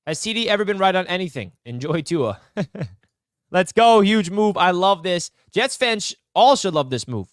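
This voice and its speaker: A man's voice: high-pitched, sing-song, normal speed, few pauses, clear, resonant tone, no echo, clean studio sound. A young man hosting a live sports talk stream, fired up and emphatic as he banters with fans. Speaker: sports channel host.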